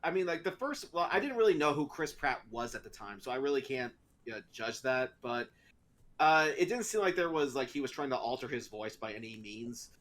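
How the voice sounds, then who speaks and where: A man's voice: medium pitch, very animated, fairly quick, fairly bright tone. A man co-hosting a casual podcast, rambling along with many fillers and false starts. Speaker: podcast co-host. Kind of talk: casual chat.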